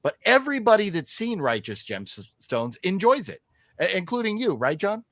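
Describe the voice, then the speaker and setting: A man's voice: high-pitched, big pitch swings, moderate pace, fairly bright tone, no echo. A man hosting a casual live stream, chatting and reading viewer comments aloud with lots of fillers. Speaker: host.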